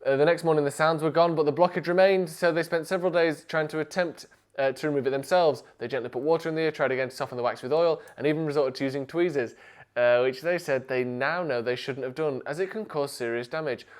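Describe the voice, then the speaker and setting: Animated joking man hosting a livestream. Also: on the high side, fast. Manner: animated, jokey, rising to near shouts when outraged. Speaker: live stream host. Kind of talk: casual live stream chat.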